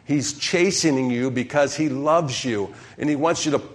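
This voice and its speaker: A male pastor delivering a sermon in an emphatic, direct way. He keeps turning to his congregation with questions and prompts, pressing each point home at a mid-range pitch. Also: moderate pace.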